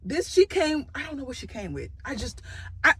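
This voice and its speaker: A young woman vlogger telling a storytime, animated and swearing freely, acting out quotes from her coworker. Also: high-pitched, moderate pace. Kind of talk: storytime vlog, casual venting.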